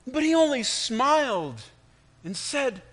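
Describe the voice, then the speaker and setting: In a sing-song, slightly bright full character voice, a man slowly voices a talking clay teacup from a sermon story. The cup pleads as it is shaped, its cries high and strained.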